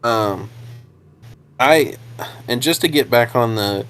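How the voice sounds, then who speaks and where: A man's voice: medium pitch, takes it slowly, a bit bright, clear, resonant tone. A young adult man, a preacher co-hosting a podcast, chatting casually in a rambling way, repeating words and laughing often.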